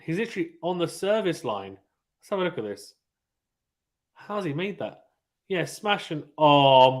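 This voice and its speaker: A man calling a match live on a stream in casual play-by-play, getting excited and reading out viewer chat. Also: on the high side.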